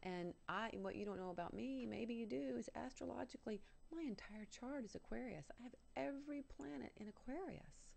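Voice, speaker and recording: A woman's voice: a little high, brisk, gravelly, hardly any pauses, darkish tone. A woman guest telling a personal story on a talk show, earnest and candid with self-mocking humor.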